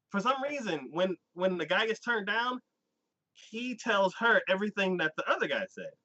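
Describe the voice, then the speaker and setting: A podcast host with a somewhat high, sharp-toned male voice and lo-fi sound chats casually while recapping an anime. He retells the story in a rambling way, with plenty of filler words and short acted-out quotes.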